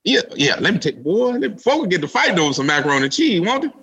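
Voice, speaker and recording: Man, animated storyteller, casual podcast chat, bright tone, lively pitch. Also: quick pace, breathy edge. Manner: animated storyteller, repeats "let me tell you something". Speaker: podcast co-host.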